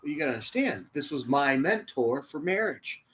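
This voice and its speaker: A man's voice: a little high, very animated, normal speed. Man preaching a heartfelt story. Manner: emotional, swings from hushed to loud, acts out quotes. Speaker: church spiritual leader.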